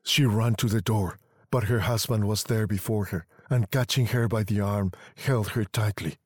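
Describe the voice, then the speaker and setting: Man reading a story slowly and deliberately, low voice, dry and close. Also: husky, no echo. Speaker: narrator. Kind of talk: scripted story narration.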